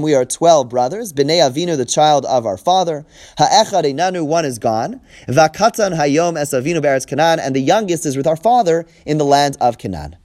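A man's voice: a little high, a little mellow. A middle-aged man teaching a class, reading Hebrew verses aloud, translating them and explaining as he goes, often repeating words as he thinks. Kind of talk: classroom Torah lesson.

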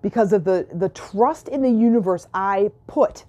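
A woman's voice: mid-range voice, normal speed, mellow. A woman coach giving a motivational self-help talk, emphatic, repeating key phrases and acting out the questions people ask her.

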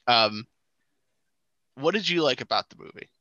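A man co-hosts a relaxed movie chat with a very bright, sharp-edged voice. He explains his points quickly and with amusement. The recording is dry and dull, with a lo-fi edge. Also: on the high side, dry recording. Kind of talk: casual chat reviewing a movie.

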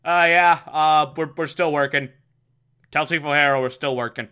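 A man voicing a smug, unbothered masked hero in a low, flat, offhand tone. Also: moderate pace, smooth. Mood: flustered. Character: deadpan smug male caped crusader, unbothered.

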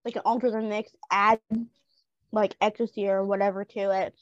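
A woman's voice: medium pitch, little pitch movement, normal speed, highs cut off. A woman co-hosting a podcast, chatting enthusiastically about a TV episode and quoting its characters. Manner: enthusiastic, laughs, quotes characters. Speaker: podcast co-host. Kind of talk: casual chat.

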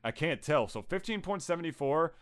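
A man's voice: on the high side, lively intonation, brisk, clean tone. A man co-hosting a casual podcast, swearing and joking as he reads search results aloud. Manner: crude, joking, exclaims while reading search results. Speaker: podcast co-host.

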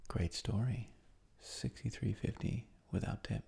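A man with a low, mellow voice full of vocal fry talks through a sleep podcast recap. His tone is very breathy and husky, relaxed and rambling, and it often sinks to a whisper. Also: a little slow. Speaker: podcast host.

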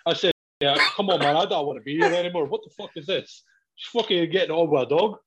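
A man talks fast while telling a story in casual conversation, swearing often and laughing along the way. The recording is very noisy, dull, and low-fidelity.

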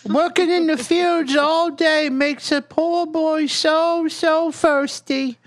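Man voicing a high, whiny small farm boy begging innocently; slow, drawn out. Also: fairly even intonation, no echo. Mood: pleading. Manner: whiny, wheedling plea.

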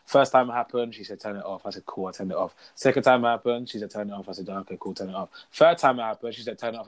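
Young dude, rapid-fire, acts out both sides of arguments. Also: male voice, lowish voice. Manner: animated storyteller acting out both sides of arguments. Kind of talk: casual chat.

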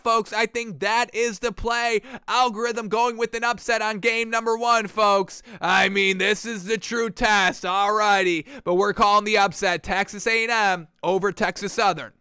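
Excitable high bright-voiced male sports host. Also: smooth, dry recording, clean studio sound. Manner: excitable, chatty, many fillers. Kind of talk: casual sports betting talk.

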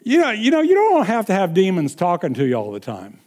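A man's voice: sits high, wildly swooping pitch, brisk, a little mellow. A man preaching a sermon, emphatic and repeating his points with frequent chuckles.

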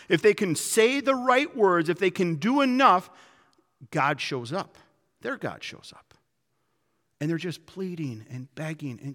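A man preaching a sermon in a dramatic way, acting out quotes and swinging from loud to hushed. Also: high-pitched, long reverb tail. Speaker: pastor.

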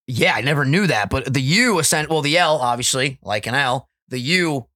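A man hosting a podcast, telling stories in casual, animated, profane chat. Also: mid-range voice, moderate pace, dry recording, studio quality. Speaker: podcast host.

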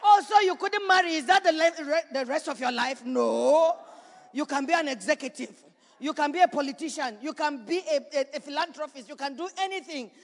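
High-voiced woman preaching in a hall. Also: a little fast, a faint crowd. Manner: preaching with rising shouts and repetition. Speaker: pastor. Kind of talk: sermon. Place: church. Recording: reverberant church hall.

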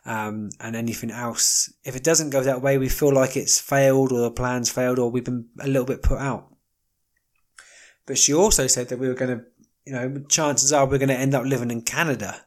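Male solo podcast host, mid-pitched voice, rambling and wry, lots of fillers. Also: steady tone, normal speed. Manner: rambling, wry, jokey asides with many fillers. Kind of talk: casual solo monologue.

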